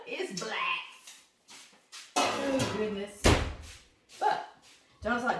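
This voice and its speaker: Cooking in her home kitchen, a Louisiana woman with a Southern accent talks to her viewers in a casual, folksy way. Her voice is on the high side, her pace measured, and she pauses often. The mic sits at a distance in a roomy, noisy kitchen.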